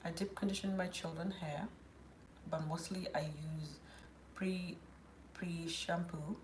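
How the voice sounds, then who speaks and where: A woman's voice: lowish voice, fairly even intonation, takes it slowly, pauses often, slight background noise. A woman hosting a casual live Q&A, reading out viewers' questions and answering them in a chatty, firm way. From South Sudan.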